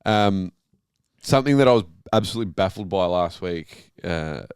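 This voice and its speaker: A man co-hosting a podcast, telling stories in a casual, animated way. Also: moderate pace, clear, resonant tone, dry recording, studio quality. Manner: animated storytelling, mimics his mum in a higher voice. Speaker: podcast co-host. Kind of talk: casual chat.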